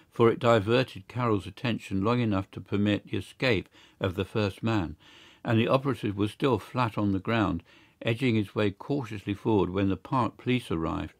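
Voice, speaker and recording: A man narrating a story in a low, steady voice. His reading is even and unhurried, recorded close and dry with no room sound. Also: creaky, no echo. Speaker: audiobook reader. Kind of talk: scripted narration.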